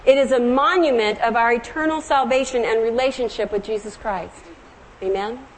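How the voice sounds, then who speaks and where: A middle-aged woman from the American South preaching a sermon, telling stories gently and slowing down on scripture and hymn lines. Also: a little high, slight background noise, low-quality recording. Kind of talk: sermon with storytelling.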